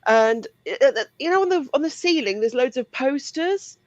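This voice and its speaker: A woman, a comedian telling a comic anecdote in an animated way. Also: high-pitched, normal speed, no room sound. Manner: animated storytelling. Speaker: comedian panelist. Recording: dull, dry sound.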